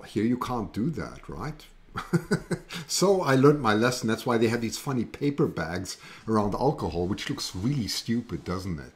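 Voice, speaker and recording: A man with a German accent hosts a relaxed livestream and rambles from one thought to the next. He reads out viewer comments as he goes, and his voice sits at an ordinary middle pitch. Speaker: livestream host. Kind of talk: casual livestream chat.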